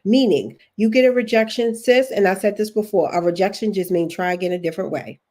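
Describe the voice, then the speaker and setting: A woman's voice: medium pitch, brisk, darkish tone. Chatty Baltimore woman coaching live. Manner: chatty, encouraging, reads viewer comments aloud. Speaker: career coach hosting a livestream. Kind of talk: casual livestream coaching.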